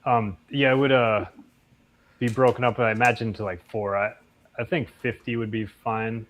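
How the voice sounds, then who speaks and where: A man's voice: mid-range voice, fairly even intonation, normal speed, fairly bright tone. A man, a comic creator and guest, answering casually and hesitantly with many ums. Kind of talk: casual interview chat.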